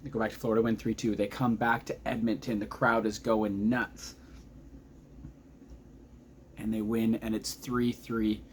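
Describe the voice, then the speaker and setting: A man in his thirties giving a casual, excitable recap of a hockey game as a vlogger, chatty and often losing his thread. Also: on the low side, unhurried, pauses often, a little hiss or hum. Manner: excitable, chatty, loses track mid-sentence.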